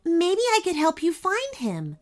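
Casting: woman playing a sweet, polite young girl, high and eager, slow-spoken. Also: wildly swooping pitch, exaggerated voice. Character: polite kind seven-year-old girl.

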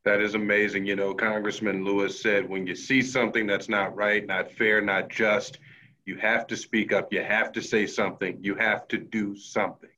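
A man from Tulsa, Oklahoma, hosts a conversational podcast interview and backs his guest up with warm affirmation. His voice sits low, with a bright, forceful edge. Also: little pitch movement, moderate pace, rough recording. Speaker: podcast host.

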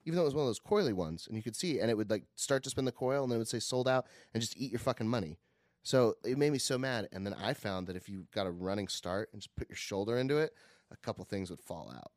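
A young man telling a story in casual chat, animated and profane, laughing often. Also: on the low side, no room sound, studio quality.

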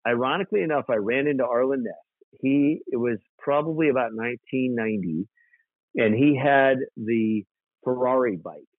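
Guest, male, from South Dakota; animated storyteller, mid pitch, phone-quality dry audio. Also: moderate pace, dry recording. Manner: animated, rambling storyteller with fillers. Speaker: guest, custom motorcycle builder. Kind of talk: casual storytelling interview. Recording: tinny dry phone-like line.

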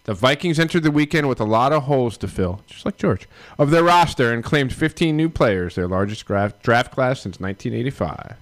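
Lively, joking male podcast co-host. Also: mid-range voice, a little fast, few pauses, no echo. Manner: joking, teasing banter. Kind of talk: casual chat.

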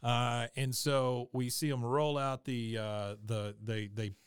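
A man's voice: mid-range voice, fairly even intonation, takes it slowly, clean tone, no echo, clean studio sound. A man hosting a podcast, casually recapping a cartoon episode in a rambling way, with lots of fillers and goofy voices for the quotes. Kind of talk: casual chat.

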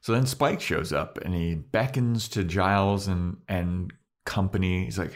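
A man co-hosting a podcast, casually recapping a TV episode in a rambling, filler-heavy way and slipping into quick character voices. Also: low voice. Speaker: podcast co-host.

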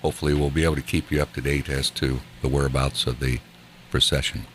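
A man's voice: extremely low pitch, flat delivery, fast talker, fairly bright tone, slight background noise. A man hosting a morning radio show, chatting in an easygoing way with a chuckle. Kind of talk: casual radio chat.

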